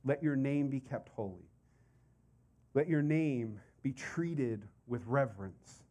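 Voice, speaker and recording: A middle-aged man preaching a sermon as pastor, conversational and animated, with casual asides and repeated phrases. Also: medium pitch, takes it slowly.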